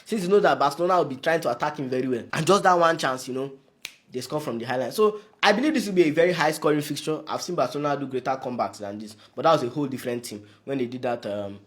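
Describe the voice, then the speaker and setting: A man hosting a sports update, calmly reasoning through a match prediction. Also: medium pitch. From Nigeria. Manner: calm, measured, reasoning aloud. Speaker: sports show host.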